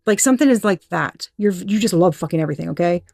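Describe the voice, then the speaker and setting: A woman's voice: on the low side, lively intonation, fast, creaky, warm tone, no echo. A woman giving a casual tarot reading, candid and profane, laughing often and acting out little quoted voices. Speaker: tarot reader.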